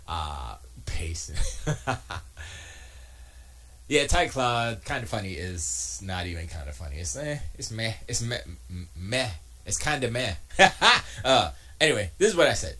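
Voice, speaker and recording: A man's voice: on the low side, fairly bright tone. A man streaming from his home studio, rambling through casual commentary with frequent restarts and mocking asides. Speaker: streamer and podcast host.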